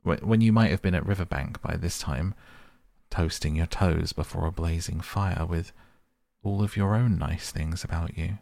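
A man's voice: sits low, moderate pace, creaky, a little mellow, dry recording. A man voicing a gloomy, mournful mole. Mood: dismal. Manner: mournful and self-reproaching. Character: gloomy timid male mole, easily despairing.

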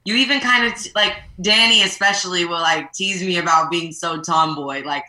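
A woman's voice: on the low side, moderate pace, sharp tone, echoey room, a little hiss or hum, low-quality recording. A young woman chatting on a livestream with friends, rambling with lots of fillers. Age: young adult. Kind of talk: casual chat.

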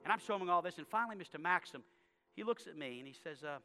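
A man preaching a sermon, telling a story with soft asides and sudden shouted prayers. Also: sits high, animated, racing, faint music behind. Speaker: pastor.

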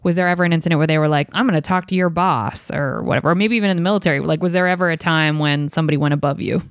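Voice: medium pitch, very fast, clear, resonant tone, no echo, studio quality. A podcast host asking casual, joking follow-up questions.

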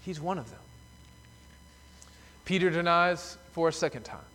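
A man's voice: fairly high pitch, animated, a little slow, fairly bright tone. A man preaching a sermon as pastor in a church sanctuary, telling the story emphatically. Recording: long reverb of a church hall.

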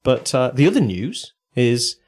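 A man's voice: mid-range voice, very animated, unhurried, darkish tone, breathy edge. A man from England, co-hosting a podcast in a casual, rambling, self-deprecating chat. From northern England. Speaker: podcast co-host.

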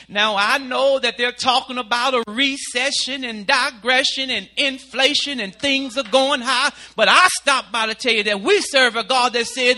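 A male pastor preaching a sermon, building into shouted, sing-song delivery. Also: extremely high pitch, unhurried.

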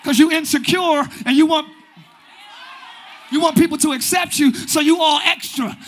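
High-voiced, animated preaching man. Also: moderate pace, some chatter behind, slight background noise. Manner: animated preaching, often shouting, acts out quoted voices. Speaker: pastor. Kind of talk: sermon. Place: church sanctuary.

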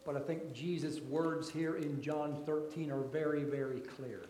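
Slow, deliberate male preacher in an echoey room. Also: fairly high pitch, fairly even intonation, a little hiss or hum. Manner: slow, deliberate preaching with emphatic rises and soft drops. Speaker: pastor. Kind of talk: sermon.

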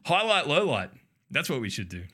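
A man's voice: a little high, big pitch swings, brisk, bright, forceful tone. A man co-hosting a podcast in casual chat, laughing often and swearing freely. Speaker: podcast co-host.

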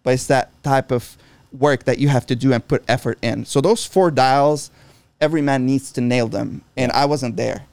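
A man's voice: mid-range voice, normal speed, creaky, a little mellow, dry recording. A middle-aged man in casual chat, talking bluntly with lots of swearing and restarts. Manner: blunt and profane, frequent restarts.

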